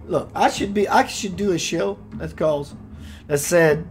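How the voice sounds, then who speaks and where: A man hosting a spiritual radio show, preaching with playful rhymes and sudden swings between loud and hushed. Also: a little high, lively intonation, fairly quick, soft background music. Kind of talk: impassioned spiritual talk.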